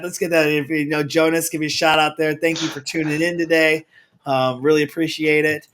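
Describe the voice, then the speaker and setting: A man's voice: on the high side, steady tone, brisk, a bit bright. A man hosting a casual interview, rambling and restarting with friendly asides. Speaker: show host. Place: remote video call studio.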